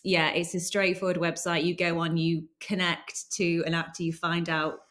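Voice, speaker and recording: A woman guest on a podcast with a slightly low voice. She talks about her work in an enthusiastic, chatty way, with easy casual interview pacing. She sounds keen and open throughout. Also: level tone, moderate pace, fairly bright tone. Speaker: guest, actor and company founder.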